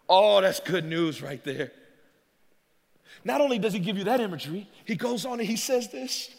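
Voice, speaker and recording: A middle-aged male pastor preaching a sermon, animated and joking, laughing often as he tells stories. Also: sits high, measured pace, gravelly. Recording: reverberant hall.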